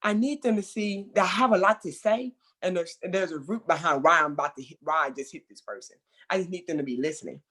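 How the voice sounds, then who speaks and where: A woman's voice: lowish voice, quick pace, breathy edge. A woman who works at a children's center, talking casually and expressively with lots of fillers over a video call. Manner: expressive, conversational, many fillers like "like". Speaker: children's center worker sharing experience. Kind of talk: casual training discussion.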